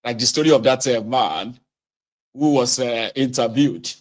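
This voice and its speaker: Animated commentary host. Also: male voice, mid-range voice, measured pace. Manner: animated, sardonic, swinging between mutters and outbursts. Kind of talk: casual political commentary.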